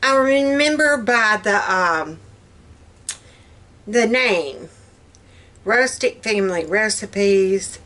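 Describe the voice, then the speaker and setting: A woman with a Southern US accent chatting casually in her home kitchen for a vlog, folksy and quick to laugh. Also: medium pitch, expressive, a bit bright. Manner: folksy, laughs often while talking. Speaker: vlogger.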